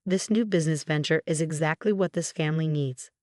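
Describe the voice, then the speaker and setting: A woman's voice: low voice, fairly quick, darkish tone, no room sound, studio quality, natural voice. A woman voicing a cruel, drunk middle-aged father who talks dismissively. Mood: scornful. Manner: slurred, dismissive.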